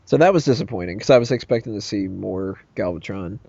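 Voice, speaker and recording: A man, chatting casually as a podcast co-host reviewing a movie, animated and jokey. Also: lowish voice, fast, gravelly, slightly rough, no room sound, dull audio. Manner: animated, jokey, quotes lines in put-on voices.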